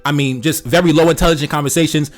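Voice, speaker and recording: Soft background music plays as this young commentary host talks fast in a voice on the high side with a steady tone. He gives blunt, heated takes on social media posts, cursing frequently and addressing listeners as "man" and "brother."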